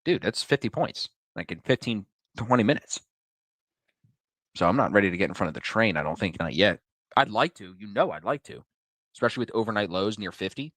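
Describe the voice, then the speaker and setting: Male stream host, low register, dry room, loose joking delivery. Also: fairly bright tone, no room sound. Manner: loose, joking, swears freely. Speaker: day trading stream host. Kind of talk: casual live-stream chat.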